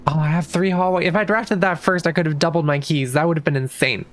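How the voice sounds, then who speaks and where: A woman's voice: low voice, steady tone, fast, a little hiss or hum. A woman streaming a puzzle game, talking through her moves in loose, casual commentary and restarting her sentences often. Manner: thinks aloud, restarts sentences, swears casually.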